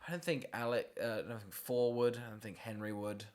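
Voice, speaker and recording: A man's voice: medium pitch, fairly even intonation, fairly quick, darkish tone. A man with a mid-range voice co-hosts a casual movie podcast. He talks bluntly and sarcastically. He pokes fun at the film as he goes. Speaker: podcast co-host. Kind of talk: casual chat.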